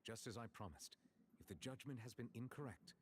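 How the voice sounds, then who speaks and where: An actor playing a composed male chief justice in a game, formal and measured in his speech. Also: medium pitch, background noise, natural voice. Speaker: game character.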